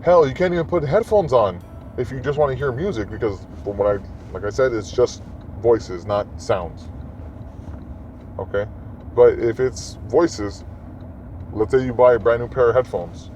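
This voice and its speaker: A man's voice: mid-range voice, moderate pace, a little mellow. A man hosting a podcast alone, rambling casually and talking straight to his listeners. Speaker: podcast host. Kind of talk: casual solo monologue. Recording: muffled lo-fi recording, faint noise.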